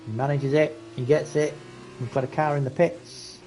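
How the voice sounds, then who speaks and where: A man giving casual live commentary on a sim racing event, chatty and excitable at close battles. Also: on the high side, moderate pace, slight background noise. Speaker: race commentator.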